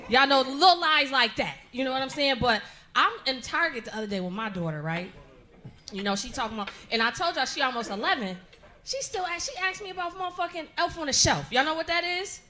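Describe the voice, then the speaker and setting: A woman's voice: sits high, animated, brisk, sharp tone. A woman in her thirties doing a brash, profane stand-up set on stage, laughing through her lines. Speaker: stand-up comedian. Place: comedy stage before a live audience.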